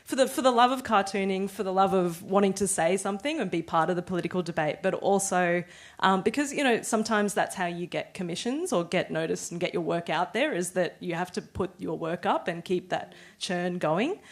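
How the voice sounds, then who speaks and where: A woman with a fairly low voice talks about her working routine on a panel. Her speech is casual and reflective, full of fillers. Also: lively intonation, a little fast. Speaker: cartoonist on a panel. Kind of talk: panel discussion.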